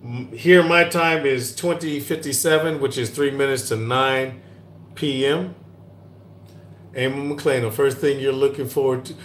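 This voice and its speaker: A middle-aged man hosts a live-stream Q&A from an airport, reading viewer comments in a relaxed, chatty way and laughing often. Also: medium pitch, measured pace. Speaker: cooking channel host. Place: airport lounge. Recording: echoey airport with faint hum.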